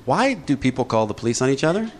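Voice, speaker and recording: A man leading a recovery group talk, lively and joking, acting out little voices as he explains. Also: mid-range voice, quick pace, noisy background. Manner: lively, jokey, acts out voices. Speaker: recovery workshop speaker.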